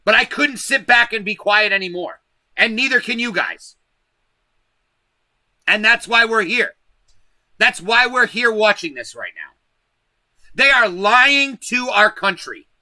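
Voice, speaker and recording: A man's voice: sits high, lively intonation, measured pace, long pauses, sharp tone, no echo. A man hosting a livestream, delivering a profane, emphatic political rant straight to his viewers. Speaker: livestream host. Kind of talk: ranting political livestream monologue.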